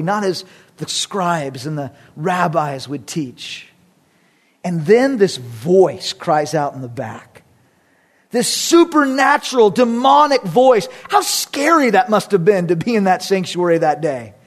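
High, lively-voiced preaching man. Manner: emphatic, repetitive, rising and dropping for effect. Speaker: pastor. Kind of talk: sermon.

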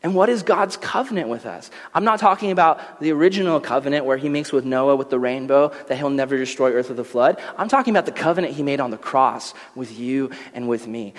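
A young man preaching a casual, animated sermon, telling stories and slipping into character voices. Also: mid-range voice. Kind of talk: casual sermon with acted-out scenes. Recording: long reverb.

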